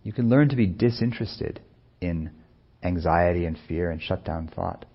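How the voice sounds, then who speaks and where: A man speaking as a meditation teacher in a soft-spoken, unhurried, musing way, with many pauses. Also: low voice, highs cut off. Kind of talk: reflective dharma talk.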